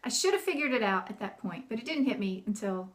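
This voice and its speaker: A homeschooling mom talking casually to camera, chatty and animated, laughing often and acting out the bossy and cheerful voices she uses with her kids. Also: mid-range voice, quick pace.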